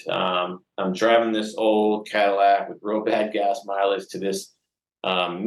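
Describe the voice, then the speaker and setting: A man speaking as a podcast guest, telling a candid personal story in an earnest, rambling way with many fillers and restarts. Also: fairly low pitch. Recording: echoey room.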